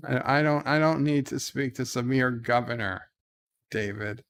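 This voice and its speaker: A man with a slow, unhurried delivery and a gravelly edge to his voice. His tone stays smooth and clear as he answers viewer letters in a wry, deadpan way. This is a casual home live stream. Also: medium pitch. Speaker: vlog host reading viewer letters. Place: home, indoors.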